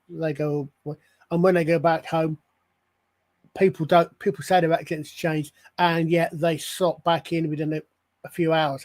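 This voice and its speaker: Rambling man, higher voice. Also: darkish tone. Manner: rambling, self-interrupting questions. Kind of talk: casual chat on a live stream.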